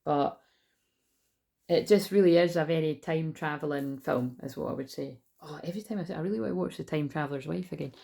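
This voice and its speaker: A woman giving a casual spiritual card reading at home, chatty and rambling with excitable asides. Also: deep voice, a little fast, creaky. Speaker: tarot reader. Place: at home indoors.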